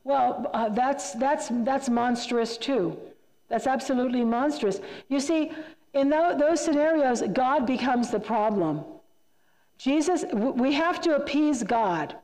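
A woman with a high, slightly mellow voice speaks at a measured pace, giving a retreat talk to a church group in a church hall. She's emphatic and conversational, often repeating herself for emphasis, and the hall adds a long reverb.

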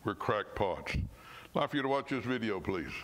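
A man, a pastor, preaching a sermon in church. He reads scripture slowly and with emphasis, and at times his voice drops suddenly soft. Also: medium pitch, sing-song, slight background noise.

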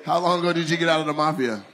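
A man doing stand-up crowd work on stage, loudly teasing people in the audience and laughing as he goes. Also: on the high side, noisy background. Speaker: stand-up comedian. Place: large theater on stage. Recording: live theater with loud crowd.

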